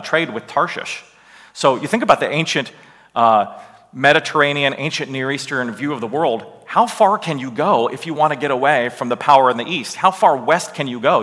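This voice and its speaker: A man teaching a Bible lesson with slides, emphatic and animated, often checking in with a rhetorical "right?". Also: mid-range voice, big-room sound. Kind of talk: lecture with slides.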